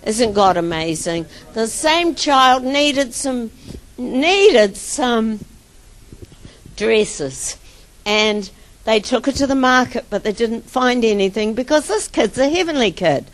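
A woman's voice: on the high side, lively intonation, slow pace. A woman preacher telling miracle stories in a sermon, with emphatic exclamations.

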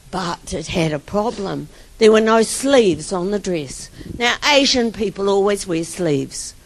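A woman preacher telling miracle stories in a sermon, with emphatic exclamations. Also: medium pitch.

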